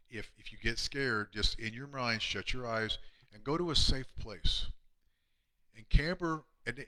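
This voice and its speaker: A man, a chiropractor, telling emotional patient stories on a live stream, earnest and often dropping to a hushed voice. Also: mid-range voice. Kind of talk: heartfelt storytelling on a live stream.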